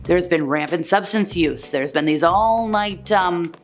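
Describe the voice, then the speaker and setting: A woman's voice: lowish voice, unhurried, faint music behind. A woman hosting an entertainment news video in a casual, conversational way, often paraphrasing people with "like". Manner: chatty, conversational, paraphrases others with "like". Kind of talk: casual celebrity gossip commentary.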